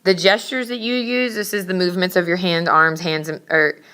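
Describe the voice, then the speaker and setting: A young woman teaching a class on public speaking, her voice bright, clear and pitched on the low side for a woman. She lectures briskly and scolds her students with blunt asides. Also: fairly even intonation.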